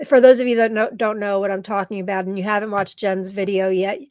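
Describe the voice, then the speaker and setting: A woman's voice: medium pitch, flat delivery, quick pace, darkish tone, dry recording. A woman hosting a live stream in casual chat, gushing and reading viewer comments aloud, tearful at times. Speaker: live show host.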